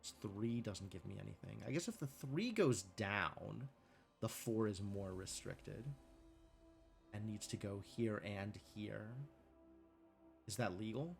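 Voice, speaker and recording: A man's voice: on the low side, takes it slowly, vocal fry, faint music behind. A male livestreamer giving casual gameplay commentary, thinking aloud with questions to himself and chatting and laughing with viewers. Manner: chats with viewers, laughing easily.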